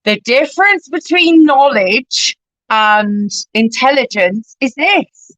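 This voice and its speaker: A woman with a West Country accent imitating a folksy male church deacon who gives slow, homespun lessons. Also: very high voice, expressive, bright, forceful tone, dry recording, pitched above the performer's own voice, full character voice, rough recording. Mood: lecturing. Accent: West Country English.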